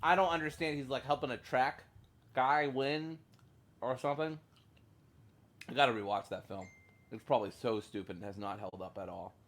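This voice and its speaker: A young man talking casually over a game, chatty and animated, rambling with ums. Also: mid-range voice, normal speed, pauses often. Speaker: streamer. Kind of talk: casual gameplay commentary.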